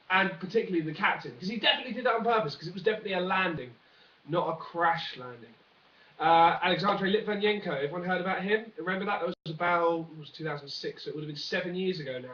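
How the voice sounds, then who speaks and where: A man's voice: high voice, expressive, brisk, sharp tone. A young man rambling through a jokey, one-take comic news rant, full of fillers and asides. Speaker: vlogger. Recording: dull, roomy, from a distance.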